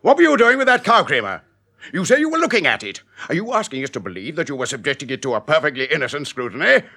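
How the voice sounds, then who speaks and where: An actor playing a pompous, suspicious elderly magistrate who sputters and blusters in a radio play. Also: male voice, fairly high pitch, big pitch swings, quick pace, sharp tone, slightly rough, exaggerated voice. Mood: blustering.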